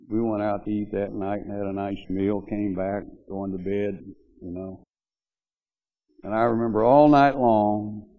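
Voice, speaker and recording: Speaking to mourners at a memorial, this older man's eulogy wanders through homespun tales of an old friend, peppered with plenty of "you know"s. His fairly low voice is gravelly yet warm, though the recording comes across muffled.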